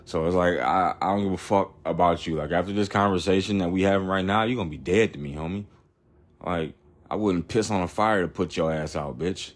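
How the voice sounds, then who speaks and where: A man's voice: sits low, fairly quick. A man in his thirties hosting a podcast, telling a long story in a rambling, blunt and profane way, full of fillers. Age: 30s. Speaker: podcast host.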